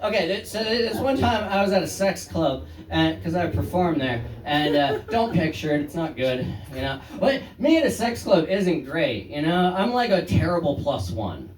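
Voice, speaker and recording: A man's voice: a little high, sing-song, moderate pace, hardly any pauses. A man doing a stand-up set, rambling and self-deprecating, often trailing off. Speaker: stand-up comedian. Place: small room, live audience. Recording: echoey room from far off.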